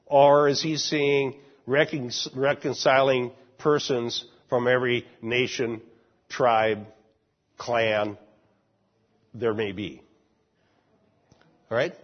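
Husky man teaching a Bible class. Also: medium pitch, flat delivery, slow pace, long pauses. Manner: explanatory, asks the class questions. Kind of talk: Bible class lecture and discussion. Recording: muffled lo-fi recording.

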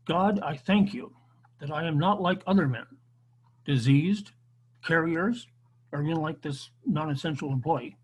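A man voicing a smug, self-righteous male Pharisee praying aloud in a slow, raised, husky voice. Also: on the high side, poor audio.

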